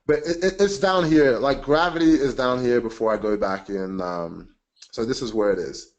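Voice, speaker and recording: A man's voice: mid-range voice, moderate pace, dull audio. A man presenting a casual teaching webinar, chatty and emphatic, joking about himself.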